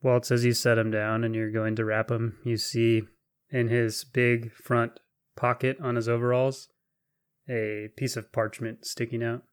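A man narrating a tabletop role-playing game as game master, with gentle, unhurried descriptions. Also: medium pitch, little pitch movement, clear, resonant tone, no echo, clean studio sound.

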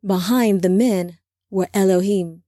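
A woman narrating an audiobook in a steady storytelling manner. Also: medium pitch, measured pace, no echo, studio quality.

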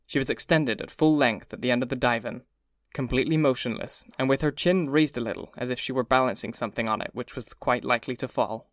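A man giving a measured, even first-person reading of a classic novel. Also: medium pitch, no echo, clean studio sound. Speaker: audiobook narrator. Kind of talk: scripted first-person narration.

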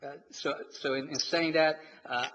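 A man's voice: on the high side, steady tone, normal speed, a bit bright, dull audio. A man preaching a sermon in a church, reading scripture and explaining it with many restarts and fillers. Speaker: pastor. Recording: long reverb, faint noise.

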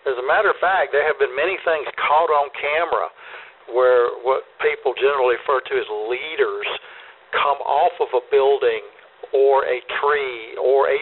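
Man, net control host; husky, folksy explainer, heard over a narrow radio-style line. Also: fairly high pitch. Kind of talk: ham radio net talk. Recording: phone-like radio audio.

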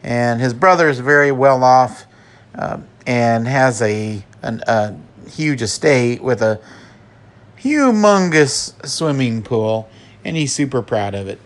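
A man hosting a podcast, recapping a film in an easygoing way, chuckling and filling pauses as he goes. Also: medium pitch, very animated. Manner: slow and chuckling, with fillers. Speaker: podcast host.

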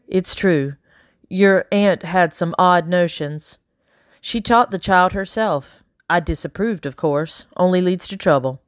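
A woman's voice: lowish voice, no echo, studio quality. A woman voicing a prim, disapproving pastor. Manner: measured, prim, dismissive. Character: stiff, disapproving male pastor.

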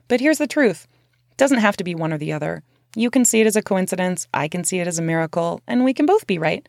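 A woman's voice: fairly low pitch, lively intonation, fast, gravelly, a little mellow, no room sound, studio quality. Candid woman narrating a memoir. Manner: candid, conversational, profane.

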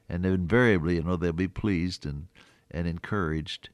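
An older man preaches in an earnest, folksy way, his low voice climbing to emphatic peaks before sinking soft again. The sound is close and dry, with no room around it. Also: moderate pace, no room sound. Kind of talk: sermon.

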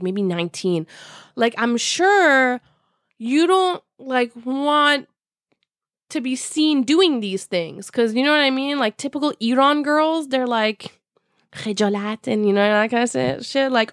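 A young woman with a high voice tells a story on her podcast in a loose, animated, foul-mouthed way, laughing often and slipping Persian words in. Her voice sounds close and dry, with little room sound around it. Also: no room sound. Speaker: podcast host. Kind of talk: casual storytelling monologue.

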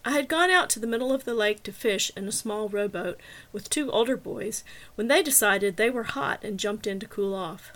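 A woman narrating a story in the first person, steady and even. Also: medium pitch, moderate pace. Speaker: audiobook narrator.

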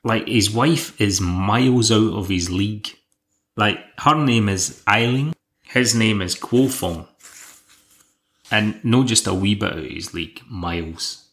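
A man's voice: lowish voice, measured pace, a bit bright. A man hosting a podcast, recapping an episode in a dry, wry, casual way. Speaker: podcast host.

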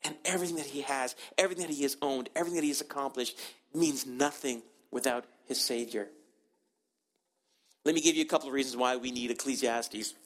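A man's voice: mid-range voice, fairly quick. A man preaching a sermon, earnest and emphatic, with frequent restarts. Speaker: pastor.

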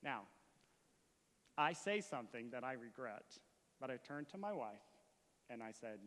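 A man preaching a sermon as a story, moving from hushed retelling to impassioned shouting. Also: mid-range voice, sing-song, a little slow, long pauses, long reverb tail, a little hiss or hum. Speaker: pastor.

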